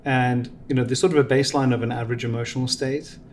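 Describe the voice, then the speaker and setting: A middle-aged man giving reflective, measured answers in an interview, explaining ideas with examples. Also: mid-range voice, steady tone, slight background noise. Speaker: venture capital guest.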